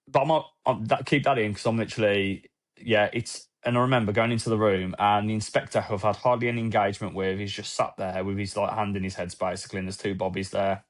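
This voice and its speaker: A former cop recounts a personal story candidly and with emotion on a podcast, his lowish voice keeping fairly even intonation. He stops and restarts haltingly, quotes what people said and swears casually.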